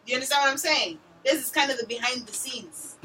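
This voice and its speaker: A very high-voiced woman chatting animatedly with her friends and acting out little scenes as she goes. She is picked up from across the room by a laptop mic, with a loud hiss behind her voice. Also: fast. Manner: animated, storytelling with acted-out exclamations. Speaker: host. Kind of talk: casual chat among friends. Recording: distant laptop mic with loud background noise.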